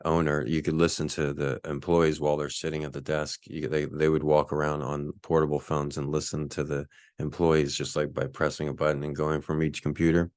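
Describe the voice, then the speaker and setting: A man's voice: extremely low pitch, little pitch movement, a little fast, a little mellow, no room sound, clean studio sound. A man in his forties from Texas, telling a rambling, laid-back story as a podcast host. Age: 40s. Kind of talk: casual storytelling monologue.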